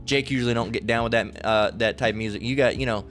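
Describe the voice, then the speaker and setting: Quick-paced and a bit bright, his medium-pitched voice holds a fairly even intonation while faint music plays underneath. The religious commentator talks in a loose, casual way, dropping "all right?" between his ideas.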